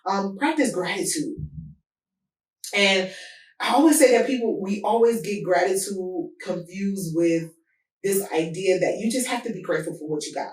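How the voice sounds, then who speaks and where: Animated woman host, roomy distant sound. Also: moderate pace. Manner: animated, voice jumps high when telling a story. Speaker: podcast host. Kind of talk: personal advice talk with storytelling.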